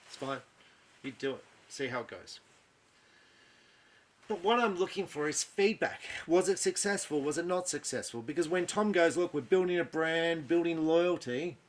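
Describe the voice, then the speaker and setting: Blunt, exasperated Australian man, raised pitch. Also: a bit bright. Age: older. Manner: blunt, exasperated, rhetorical, keeps asking "right?". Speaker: archery shop owner. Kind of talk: frustrated monologue to camera.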